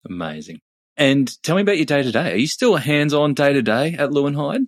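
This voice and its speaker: A man's voice: a little high, sing-song, a little fast, no room sound, clean studio sound. A man hosting a podcast interview, giving brief, encouraging replies. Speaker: podcast host.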